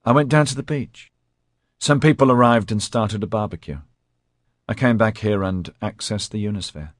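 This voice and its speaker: A man's voice: normal speed, no room sound, clean studio sound, natural voice. A man doing Dudley, a whiny, anxious young man. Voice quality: whiny, high-pitched. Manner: anxious and petulant. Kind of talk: audiobook character voice.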